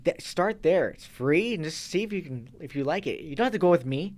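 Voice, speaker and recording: A man's voice: a little high, animated, fairly quick, darkish tone. Rambling male fitness coach. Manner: loose, rambling, restarts mid-sentence. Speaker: guest, fitness and kettlebell coach. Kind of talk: casual interview talk.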